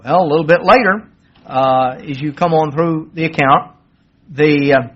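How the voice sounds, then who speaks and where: A man's voice: fairly high pitch, moderate pace. A man preaching a sermon, retelling a Bible story in a conversational way and acting out the quoted dialogue with a raised voice. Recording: dull lo-fi sermon recording.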